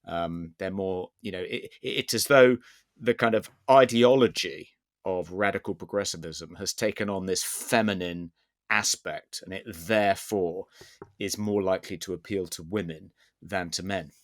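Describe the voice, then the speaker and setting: A British man with a very deep, low voice, talking in a measured way with plenty of ums as a podcast co-host. The recording is close and dry, with no room sound. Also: no echo. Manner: measured, with frequent ums and restarts. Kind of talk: casual discussion.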